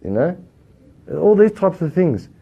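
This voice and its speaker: A man with an Australian accent teaching a religious lesson, lively and full of rhetorical questions, rising loud then dropping quiet. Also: high-pitched, measured pace, gravelly, slightly rough. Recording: dull lo-fi recording.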